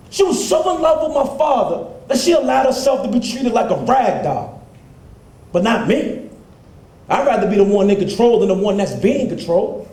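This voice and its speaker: A man's voice: extremely high pitch, dark tone, heavily acted. An actor playing a cocky young man who defiantly justifies abusing his girlfriend. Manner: defiant, dismissive, pleading. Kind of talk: independent film drama acting. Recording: roomy indoor echo.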